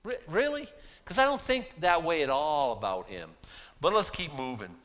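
A man preaching a chatty, self-deprecating sermon, swinging from hushed asides to loud bursts. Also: a little high, very animated, normal speed, long reverb tail. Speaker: pastor. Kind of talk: casual sermon.

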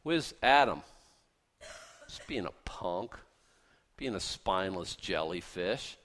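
A man preaching a sermon in a folksy, punchy way, with rhetorical questions and lively acted-out voices. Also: low-pitched, slow. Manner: animated, acts out voices of biblical figures.

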